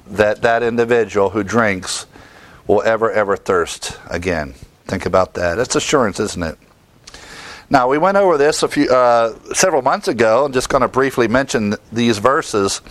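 A man giving expository Bible teaching in a conversational way, repeating key words for emphasis and rattling off lists of verse references. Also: medium pitch.

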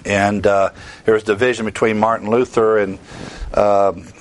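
A man's voice: lowish voice, level tone, normal speed, a little hiss or hum. A man teaching the Bible in a sermon style, earnest and emphatic, stressing key words.

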